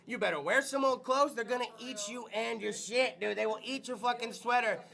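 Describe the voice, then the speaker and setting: A rowdy, foul-mouthed podcast host with a very high voice and a sharp, bright edge. He talks in loose comic riffs and often breaks into shouts. There is a gravelly rasp underneath it all. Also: fairly quick. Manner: rowdy, profane, bursts into shouts. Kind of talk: loose comedic chat.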